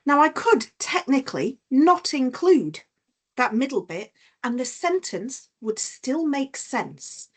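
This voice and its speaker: A woman teaching a business-English class online, her voice sitting a little high and her delivery slow and unhurried. She explains each point patiently and stops to give examples, and the sound comes through a video call. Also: big pitch swings. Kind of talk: online punctuation lesson.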